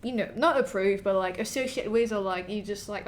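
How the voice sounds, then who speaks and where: A woman hosting a casual podcast, asking questions in a soft, hesitant way. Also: mid-range voice, fairly quick, a little hiss or hum. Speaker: podcast host.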